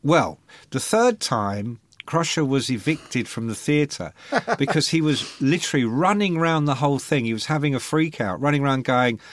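A man in his fifties, a podcast co-host telling lively anecdotes in casual chat, with loud bursts of shouting and laughter. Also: medium pitch, normal speed, dry recording.

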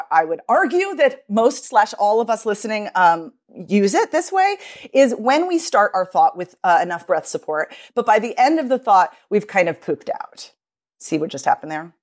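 Woman podcast guest on a remote line who breaks down voice habits clearly, with a mid-range pitch. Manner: explanatory, demonstrates vocal techniques while talking. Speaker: guest author and voice coach. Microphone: remote recording over an online call.

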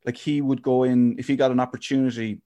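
A man's voice: mid-range voice, little pitch movement, fast talker, dark tone. A man hosting a podcast, talking casually and rambling with many restarts. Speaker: podcast host. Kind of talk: casual chat.

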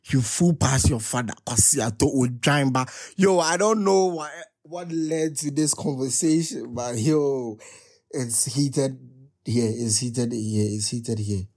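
This young man runs a podcast, and he reads out text messages in a relaxed commentary style, regularly breaking into high, loud laughter.

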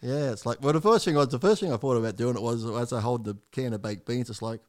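A man's voice: mid-range voice, fast talker. A man, a podcast guest telling his story in a blunt, rambling way with heavy swearing.

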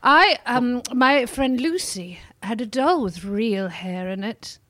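A woman's voice: a little high, expressive, slow, a bit bright, dry recording. A woman playing the ghost of a polite little Edwardian boy, prim and sweetly earnest. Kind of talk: improvised comedy podcast. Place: live comedy venue.

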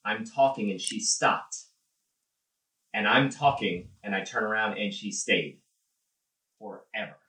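A woman putting on the voice of an exasperated husband, dropping far below her own pitch into a flat, grumbling drawl. The sound is roomy and a little distant from the mic. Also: unhurried, pauses often.

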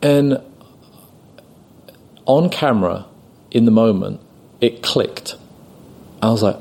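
A British man telling a story on a podcast, animated and often laughing as he acts out the people he quotes. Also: medium pitch, takes it slowly, vocal fry, long pauses, breathy edge. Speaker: podcast guest, actor. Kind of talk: casual anecdote telling.

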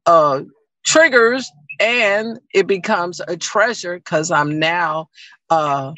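A woman on a group video call, talking about her own growth in a reflective, measured way. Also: fairly low pitch, pushed and bright, no room sound, highs cut off. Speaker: call participant. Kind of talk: casual group chat.

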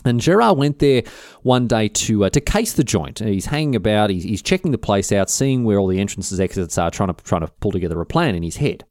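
A man's voice: lowish voice, very animated, fairly quick, darkish tone, no echo, clean studio sound. A man hosting a history podcast, telling stories in a slangy, irreverent, casual way. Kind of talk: casual comedic storytelling.

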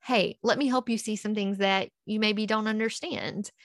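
A woman's voice: medium pitch, fairly even intonation, moderate pace, dry recording, studio quality. A woman, a podcast guest, earnestly recounting a personal story and acting out past conversations in quotes.

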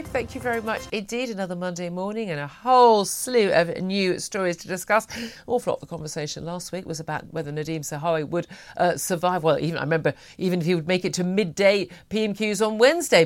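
A woman's voice: lowish voice, brisk, soft background music. A woman hosting a morning radio talk show, chatty and opinionated, with many fillers. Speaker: radio host.

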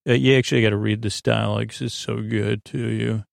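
A man's voice: lowish voice, little pitch movement, fairly quick, vocal fry, no room sound, clean studio sound. A man hosting a podcast, rambling through a casual episode recap with lots of fillers. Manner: rambling, filler-heavy retelling. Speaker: podcast host.

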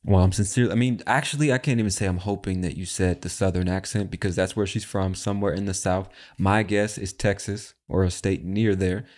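Male podcast host, very low voice, brash, casual, swears. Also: fairly even intonation, brisk, hardly any pauses, darkish tone. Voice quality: brash, chatty, swears freely.

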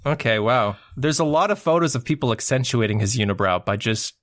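A man's voice: medium pitch, fairly quick. A man co-hosting a podcast in casual comedic chat, telling stories with lots of laughter while drinking and getting tipsy. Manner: laughing, animated storytelling. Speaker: podcast co-host.

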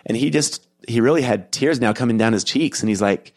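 Middle-aged man, earnest and gentle, reflective podcast storytelling, mid-pitched voice, soft laughs. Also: a little fast. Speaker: podcast host and keynote speaker.

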